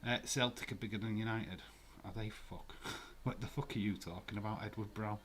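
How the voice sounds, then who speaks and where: A man's voice: lowish voice, fairly even intonation, brisk, fairly bright tone. A man hosting a casual live watch-along stream, chatting loosely, swearing and laughing as he answers viewer comments.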